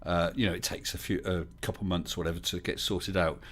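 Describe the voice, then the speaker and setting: A middle-aged man hosts a casual livestream. His voice sits on the low side, and he rambles into anecdotes and reads viewer comments aloud in an easy, conversational way. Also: level tone, fast, a bit bright, husky. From England. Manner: chatty storyteller, reads chat aloud. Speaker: livestream host.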